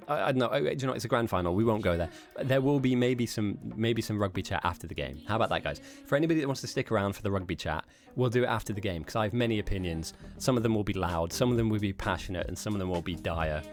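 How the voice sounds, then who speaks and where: A man with a lowish voice calls a live game stream in a chatty, rambling way. He jokes at his own expense and drifts into asides to his chat. Soft music plays faintly underneath. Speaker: tournament commentator and streamer. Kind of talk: live esports commentary.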